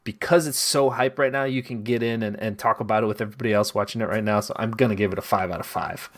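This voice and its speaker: A man's voice: on the low side, fast talker, a bit bright. A man hosting a podcast, talking at length in a casual, chatty way with many fillers. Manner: talkative, recommends with filler words. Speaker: podcast host. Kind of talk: casual chat.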